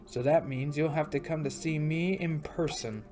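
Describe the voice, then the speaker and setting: A woman voicing a flamboyant rich male game creator, drawling in a slow, theatrical way over faint music. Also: low-pitched, dark tone, lightly acted. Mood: smug.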